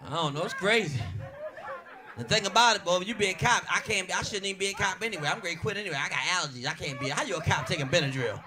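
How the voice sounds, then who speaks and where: A male stand-up comedian telling brash, profane stories with lively, playful shouts. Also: high voice, racing, a crowd in the background. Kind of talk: stand-up routine. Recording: noisy live venue with audience laughter.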